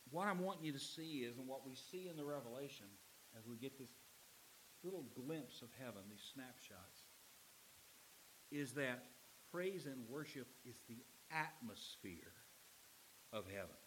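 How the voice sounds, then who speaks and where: A middle-aged man preaching a sermon as pastor. He swings from loud, emphatic lines to low, quiet ones. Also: expressive, unhurried, noisy background.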